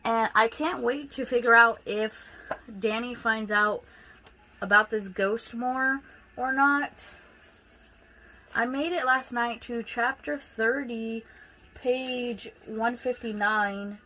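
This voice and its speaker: A woman's voice: a little high, fairly even intonation, slow pace, bright, forceful tone. A woman giving a casual book vlog update, chatting loosely with lots of ums, likes and restarts. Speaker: book vlogger.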